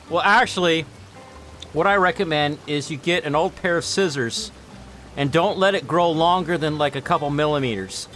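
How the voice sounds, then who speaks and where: A man's voice: on the high side, moderate pace, a bit bright, soft background music. A man in his late thirties streaming a game, chatting casually and rambling into practical advice. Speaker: gameplay streamer. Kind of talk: casual chat over gameplay.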